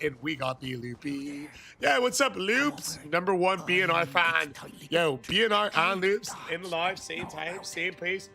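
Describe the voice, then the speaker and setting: A young man live-streaming a game, greeting chat loudly with hype shouts and frequent swearing. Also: high voice, creaky. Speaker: gaming streamer.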